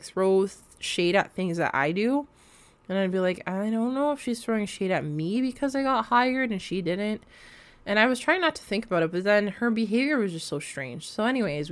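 A young woman telling a casual storytime rant about her coworkers, exasperated and animated, swearing freely and full of likes and fillers. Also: medium pitch. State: recovering from a cold. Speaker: vlogger.

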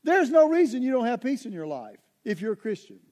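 Very high-voiced male preacher. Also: very animated, brisk, darkish tone. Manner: conversational, emphatic, direct appeals to the listeners. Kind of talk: sermon.

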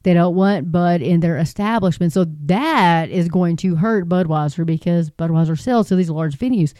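A woman's voice: on the low side, moderate pace, dark tone, no echo. A woman hosting her own podcast, talking off the cuff in a rambling, chatty way with restarts and asides. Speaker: podcast host. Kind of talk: casual solo podcast commentary. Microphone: podcasting microphone.

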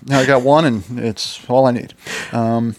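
A man's voice: mid-range voice, steady tone, a little slow, a little mellow. A man co-hosting a gaming podcast, chatting casually and telling rambling stories with the odd swear word. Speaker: podcast co-host. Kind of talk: casual chat.

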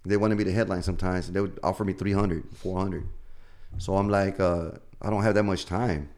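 A man's voice: deep voice, steady tone, fairly quick, a little mellow. A middle-aged man, a stand-up comedian, telling stories in casual chat, acting out the voices of the people he quotes and swearing freely.

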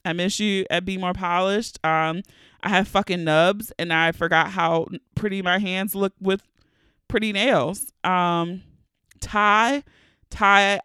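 A woman in her thirties hosting a solo podcast, telling candid, profane, expressive comedic stories. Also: medium pitch, slow pace, clear, resonant tone, dry recording, clean studio sound. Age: 30s. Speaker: podcast host. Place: home recording during lockdown.

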